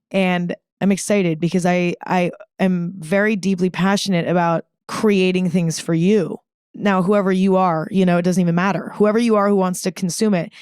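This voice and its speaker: A woman's voice: fairly low pitch, a little mellow, clean tone, dry recording. Young female podcast host, casual and earnest, filler-heavy, swears freely; dry close-mic sound. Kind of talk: casual solo podcast monologue.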